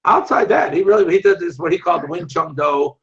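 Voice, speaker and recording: Gravelly, high-voiced older man telling blunt stories. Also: quick pace, a bit bright. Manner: blunt and profane, quotes people in his stories. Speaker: martial arts instructor, interview guest. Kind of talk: storytelling in an interview. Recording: dull lo-fi audio.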